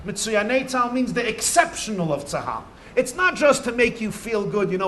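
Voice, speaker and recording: A man, a rabbi, telling stories to children in an animated way, stretching key words for emphasis. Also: sits high, a little fast, hardly any pauses, slight background noise. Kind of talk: storytelling talk to children.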